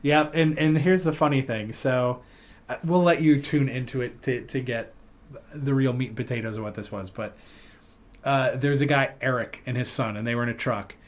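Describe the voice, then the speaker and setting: A man's voice: mid-range voice, normal speed. Rambling, laughing male podcast host. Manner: rambling, animated storytelling with fillers and laughs. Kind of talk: casual chat.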